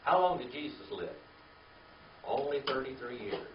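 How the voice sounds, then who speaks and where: A man leads a Bible class, firing questions at the group and drilling Hebrew words out loud. His voice sounds roomy and comes from some distance off the mic. The recording is dull and lo-fi, with faint room noise underneath. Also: medium pitch, sing-song, moderate pace. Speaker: Bible teacher. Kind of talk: Bible class teaching with call-and-response.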